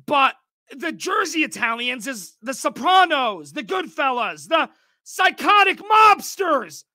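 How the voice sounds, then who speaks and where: A man reacting to video clips, talking loudly, swearing and mocking what he watches. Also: no echo, clean studio sound. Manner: loud, swearing, mocking, jumps in pitch. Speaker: reaction streamer. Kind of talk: profane reaction commentary.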